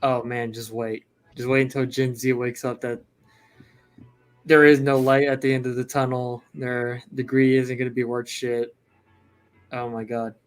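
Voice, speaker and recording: A man's voice: mid-range voice, little pitch movement, measured pace, soft background music. Gloomy, crude-talking male co-host. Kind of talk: casual chat.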